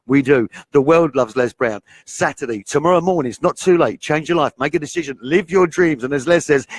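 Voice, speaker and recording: A man hosting a live online broadcast, gushing and excitable as he introduces his guest and keeps calling out to his audience. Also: a little high, a little fast, hardly any pauses. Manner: excitable, gushing, keeps repeating "ladies and gentlemen". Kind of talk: hyped live-stream introduction.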